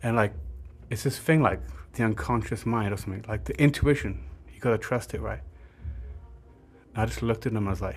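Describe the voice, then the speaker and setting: Young guy rambling thru a story, lotsa "like" and swearing, lowish voice. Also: fairly quick. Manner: rambling, full of fillers and swearing. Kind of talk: casual storytime monologue.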